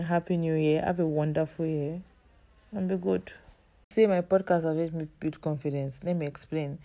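Woman podcasting, low gravelly voice, chatty and joking at herself, voice a bit off. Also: dark tone. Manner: chatty, self-teasing, laughs often. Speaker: podcast host. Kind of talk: casual faith-based podcast monologue.

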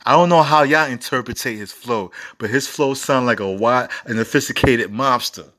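Man, forties, bright voice, casual music review host, rambling, swearing, hyped. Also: medium pitch, moderate pace. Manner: profane, rambling, enthusiastic. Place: home recording setup.

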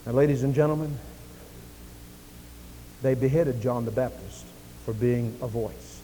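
A man preaching a sermon in a church, acting out dialogue dramatically and swinging between loud declarations and hushed lines. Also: mid-range voice, normal speed, pauses often, in a large hall, a little hiss or hum, rough recording. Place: church sanctuary.

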